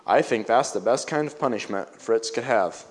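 A man voicing a kind grown-up cousin in a read-aloud story, speaking with quiet, gentle counsel. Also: medium pitch, expressive, moderate pace, close to an everyday voice. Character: kindly grown cousin, calm and wise.

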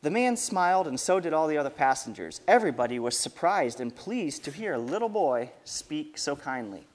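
A man's voice: on the high side, moderate pace. A man reading a story aloud to children, stopping often to ask them questions. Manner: lively, asks the kids questions.

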